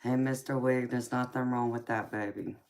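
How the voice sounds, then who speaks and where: Her bass voice is a little mellow and holds a steady tone at normal speed. As a live stream host and tarot reader, this California-born, Georgia-raised woman talks casually with viewers in a Southern American accent, laughing frequently and using endearments like honey and sweetheart.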